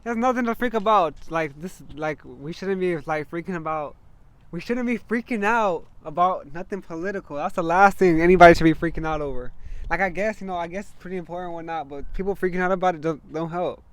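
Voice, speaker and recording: A young man chatting casually as a guest, rambling and slangy, trailing off and restarting. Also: high voice. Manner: rambling, slangy, fast-talking. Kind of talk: casual chat.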